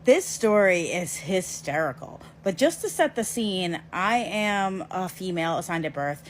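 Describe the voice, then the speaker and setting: A woman telling a story from her own life to camera in a casual vlog, lively and emphatic, with quick asides to the viewer. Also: on the low side, a little hiss or hum.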